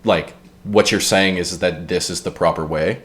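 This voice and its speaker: Deep-voiced man arguing in long chains. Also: moderate pace, a bit bright. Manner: builds arguments in long run-on chains. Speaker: podcast co-host. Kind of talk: casual discussion.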